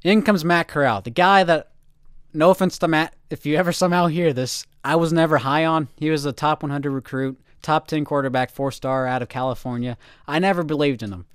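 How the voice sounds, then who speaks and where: With a fairly high, smooth voice and a fairly quick delivery, a man co-hosts a casual sports podcast in clean, echo-free studio sound. He tells stories animatedly and acts out the quotes.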